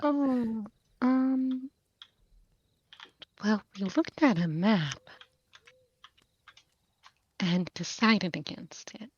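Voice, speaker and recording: A woman takes her turn in a tabletop game, speaking slowly and hesitantly, sometimes dropping to a whisper. Her voice is dry and slightly dull, like a home microphone. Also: fairly high pitch. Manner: soft-spoken, hesitant, slips into whispers. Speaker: player. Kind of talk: casual tabletop role-play.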